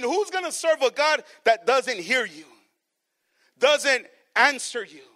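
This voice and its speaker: A man with a strikingly high voice and a bright tone preaches a sermon. He reads the scripture aloud and stretches key words for emphasis. He keeps turning to the congregation with questions and calls of "church".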